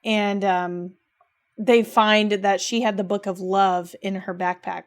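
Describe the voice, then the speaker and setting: A woman's voice: mid-range voice, steady tone, slow, clean tone. Young woman cohost on a chill podcast, super gushy and emotional, takes her time talking. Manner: gushing, emotional, lots of "like" and "rad". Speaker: podcast co-host. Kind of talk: casual chat recapping a video game.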